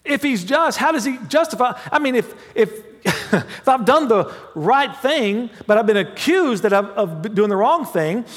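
A man preaching a sermon as pastor, mixing humorous family stories with hushed prayer. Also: extremely high pitch, big pitch swings, a little slow, few pauses. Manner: dramatic swings from loud to hushed prayer; humorous storytelling with laughs. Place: church sanctuary. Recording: long hall reverb.

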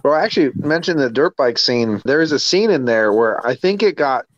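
A man discussing a film casually, halting and repeating words as he thinks. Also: medium pitch, expressive, no echo, muffled recording.

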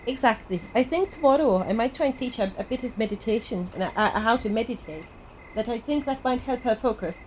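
A woman's voice: a little high, lively intonation, a little fast, darkish tone, a little hiss or hum, lightly acted, low-quality recording. A woman voicing a caring mentor adventurer with a Liverpool accent, rambling and hesitant in a tabletop role-play. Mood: concerned.

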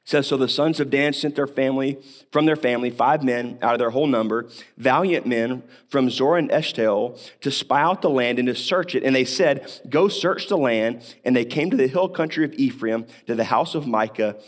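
A pastor preaches in a mid-range male voice at a moderate pace. Taking a Bible passage step by step, he speaks conversationally, throws in rhetorical questions and coughs now and then.

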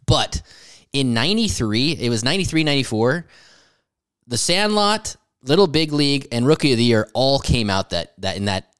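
A man's voice: mid-range voice, expressive, moderate pace, fairly bright tone, clean tone, no room sound. A man co-hosting a podcast, recapping a movie in a rambling, profane way and laughing often. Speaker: podcast co-host. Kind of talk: casual crude movie recap.

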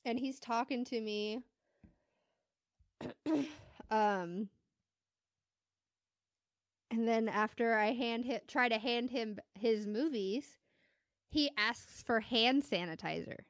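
A woman who is a mother, chatting casually as a podcast co-host, telling animated stories, laughing often and acting out what people said. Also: on the high side, takes it slowly, pauses often, dry recording, studio quality. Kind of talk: casual storytelling chat.

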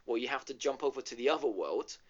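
A man's voice: mid-range voice, lively intonation, quick pace. A man co-hosting a casual gaming podcast, retelling a game's story with lots of ums and restarts. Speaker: podcast co-host. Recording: dull lo-fi audio.

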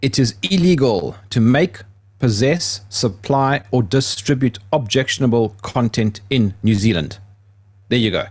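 Male radio host, mid-pitched, loose and rambling, often restarts his sentences mid-thought; talk-radio feel. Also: expressive, unhurried. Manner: rambling, with frequent restarts and repeated words. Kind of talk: casual talk radio monologue.

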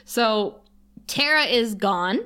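A woman co-hosting a podcast, recapping a TV episode in casual chat, chatty and animated and often laughing. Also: a little high, slow pace, smooth. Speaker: podcast co-host.

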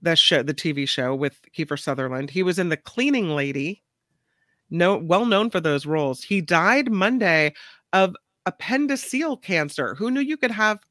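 A woman's voice: fairly low pitch, expressive, normal speed, a bit bright, dry recording, studio quality. A woman co-hosting a radio show, chatting casually about celebrity news with plenty of fillers. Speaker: co-host.

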